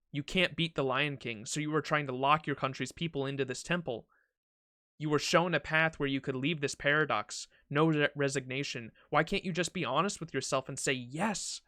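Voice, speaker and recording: A man's voice: medium pitch, fairly even intonation, normal speed, bright, forceful tone, no echo, studio quality, close to an everyday voice. A man voicing a hot-tempered young woman monk in a game, earnest and scolding.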